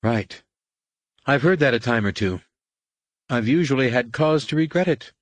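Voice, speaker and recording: A man reading an audiobook, voicing a sharp, wry woman leader and co-pilot in a crisp, lightly raised voice. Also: mid-range voice, animated, normal speed, no echo, pitched above the performer's own voice, lightly acted. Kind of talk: audiobook character voice.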